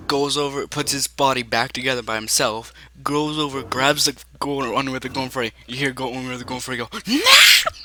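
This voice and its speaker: A man's voice: mid-range voice, steady tone, fast talker, few pauses, sharp tone. A man improvising and narrating a role-play story, rambling and laughing often.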